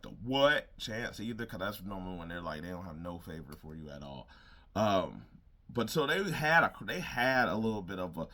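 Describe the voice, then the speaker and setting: A man with a deep, low-pitched voice talks through a wrestling episode in a loose, conversational way. He wanders from point to point and slips into quick impressions of the people he describes. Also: fairly bright tone. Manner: rambling, acts out quotes of wrestlers. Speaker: wrestling show recap host. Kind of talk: casual recap commentary.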